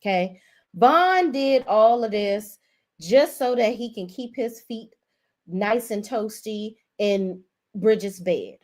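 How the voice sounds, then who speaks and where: A woman in her forties chats through a relaxed livestream recap with a mid-range voice. She talks straight to her viewers in an animated, easygoing way, looping back over points as she goes. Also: mid-range voice, takes it slowly. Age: 40s. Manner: chatty, animated, addresses viewers directly. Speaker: host. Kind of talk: casual livestream show review.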